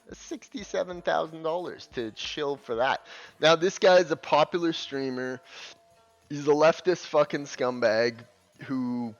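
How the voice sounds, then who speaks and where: A man's voice: medium pitch, fairly bright tone. A man ranting scornfully in gaming commentary, swearing heavily as he reacts to clips. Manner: profane, scornful, heated. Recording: dull lo-fi audio with faint music.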